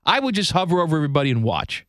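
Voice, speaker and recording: A man's voice: a little high, big pitch swings, racing, fairly bright tone, no room sound, clean studio sound. A man co-hosting a radio talk show, chatting casually with a teasing, wry manner.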